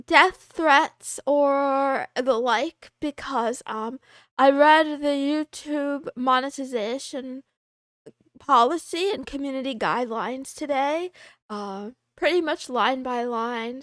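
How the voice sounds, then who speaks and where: A woman's voice: high-pitched, a bit bright, no room sound, studio quality. A woman livestreaming as a VTuber, chatting casually and playfully, greeting viewers one by one with wry, self-mocking asides. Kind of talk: casual livestream chat reading viewer messages.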